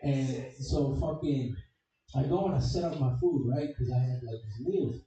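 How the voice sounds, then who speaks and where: A man's voice: medium pitch, normal speed, mellow, heavy reverb, recorded from a distance, rough recording. A man from Chicago doing a crude, rambling stand-up comedy set, swearing constantly. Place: comedy club stage.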